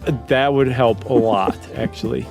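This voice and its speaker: A man's voice: mid-range voice, fairly even intonation, normal speed, creaky, a little mellow, faint music behind. A man co-hosting a podcast in casual chat, loose and joking, rambling with fillers. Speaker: podcast co-host.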